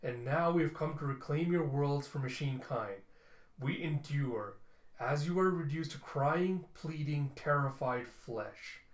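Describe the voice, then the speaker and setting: A man voicing a menacing machine leader who rallies robots to war, slow and grandiose, in a roomy space. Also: on the high side, lightly acted. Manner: slow, grandiose, hateful proclamations. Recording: roomy echo.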